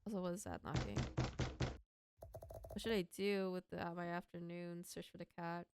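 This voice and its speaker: A young woman with a fairly low voice streams a horror game at a moderate pace, reading story text aloud and breaking into pleading, dramatic outbursts at the characters. The background is noisy, with faint music playing.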